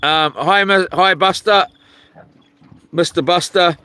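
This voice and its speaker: A man's voice: high-pitched, slow, sharp tone, smooth. A man chatting casually on a live fishing stream outdoors by the sea, rambling and swearing lightly as he greets viewers by name. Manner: laid-back, rambling, reads viewer names aloud, swears casually. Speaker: fishing livestreamer.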